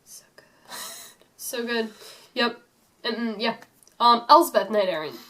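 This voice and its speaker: A woman who is sick, hosting a casual card-game chat, enthusiastic and quick to say "so good". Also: a little high, animated, a bit bright. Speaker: host.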